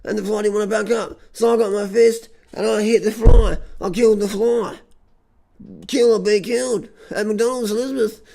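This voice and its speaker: A man's voice: high-pitched, moderate pace, creaky. An Australian man delivering a rambling comic monologue, stammering over repeated words, swearing a lot and bragging with a straight face. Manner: stammering repetitions, heavy swearing, deadpan bragging. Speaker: comic vlogger.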